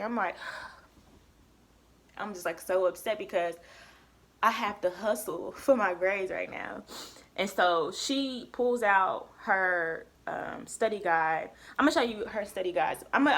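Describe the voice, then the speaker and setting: Young woman vlogger, emphatic casual storytime, mid-pitched voice. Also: normal speed. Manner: emphatic, lively retelling with quoted dialogue.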